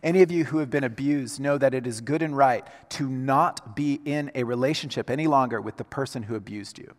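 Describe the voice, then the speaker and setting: A man preaching a sermon, moving between hushed, slow lines and loud, emphatic passages. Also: medium pitch. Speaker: pastor. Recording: reverberant hall sound.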